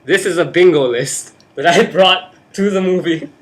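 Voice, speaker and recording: In his bedroom, a young man with a high-sitting voice chats casually about a film into a webcam at a moderate pace. As host he's hyper and jokey, slipping into silly put-on voices.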